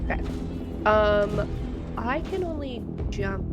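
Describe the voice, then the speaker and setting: A woman's voice: mid-range voice, lively intonation, slow pace, lo-fi sound. A woman playing in a tabletop game, chatting casually and giggling. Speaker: player. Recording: loud music behind.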